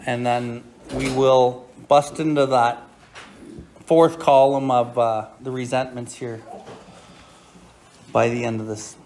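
A middle-aged man from Canada, host and sponsor on a recovery podcast, talks bluntly and profanely, often adding "right?", and reads from the Big Book. His mid-range, darkish voice is fairly even and slow, with frequent pauses, over a little hiss or hum.

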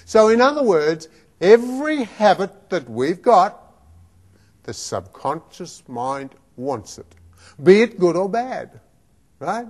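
A man's voice: sits high, very animated, takes it slowly, darkish tone. A man giving a motivational lecture as a self-improvement teacher, emphatic and often checking in with the listener with "right?".

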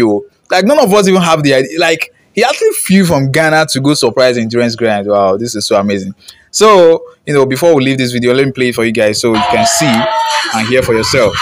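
A young man, a reaction channel host who chats casually, gets excited, laughs often and slips into pidgin while reading out viewer comments. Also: medium pitch, no echo.

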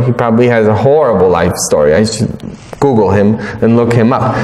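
A priest teaching a Bible study, telling stories with earnest, repeated emphasis. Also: male voice, a little high, a little mellow, a little hiss or hum. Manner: earnest, repetitive emphasis, storytelling. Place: parish hall or church. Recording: echoey hall recording.

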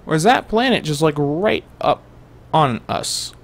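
A man's voice: fairly high pitch, lively intonation, unhurried, creaky. A young man giving rambling, jokey let's-play commentary to his viewers as a gaming host.

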